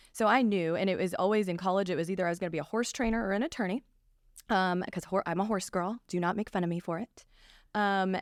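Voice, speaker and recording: Chatty upbeat woman, low voice. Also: no room sound, studio quality. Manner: chatty, upbeat pep-talker, animated retelling. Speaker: family law attorney, podcast co-host. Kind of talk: casual conversational storytelling.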